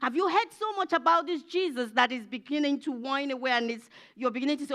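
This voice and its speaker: A woman's voice: high-pitched, brisk, hardly any pauses, a bit bright. A woman preacher delivering an emphatic church sermon, repeating phrases and building to fervent peaks.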